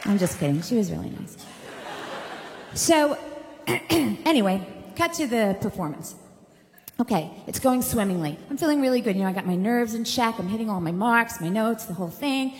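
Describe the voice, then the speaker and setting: Animated woman telling a comic story, reverberant hall. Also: on the high side, normal speed. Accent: Long Island. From Long Island, New York. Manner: animated, self-mocking, with chatty asides. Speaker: singer, guest telling an anecdote.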